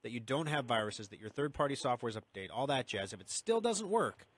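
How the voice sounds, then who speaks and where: A man hosting a radio call-in show, talking briskly and reassuringly in casual chat with a caller. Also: mid-range voice, expressive, breathy edge, no room sound.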